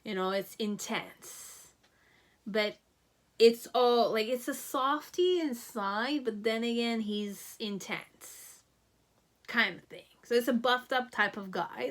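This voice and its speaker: Slow, meandering woman tarot reader. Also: fairly high pitch, a bit bright. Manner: meandering, thinking aloud with many fillers. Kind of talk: pick-a-card tarot reading.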